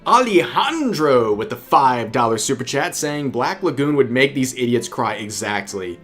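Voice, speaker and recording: Young guy streaming, just chatting and reading super chats out loud, repeats himself a lot, mid pitch, soft music behind. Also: big pitch swings, normal speed. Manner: chatty, repeats phrases, reads donor messages aloud. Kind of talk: casual livestream chat.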